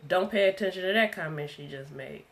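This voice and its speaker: A woman voicing God as a calm, steady inner voice, speaking in a low, hushed tone. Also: a little fast, lightly acted. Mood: instructing. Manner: calm, gently instructing.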